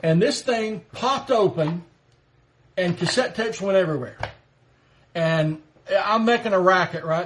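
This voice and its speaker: A man in his fifties with a high-pitched voice hosts a live stream and spins a personal story in a relaxed, chatty way. His telling is animated, and chuckles slip in as he goes. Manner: animated anecdote teller, chuckles as he talks. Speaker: livestream host. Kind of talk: casual storytelling.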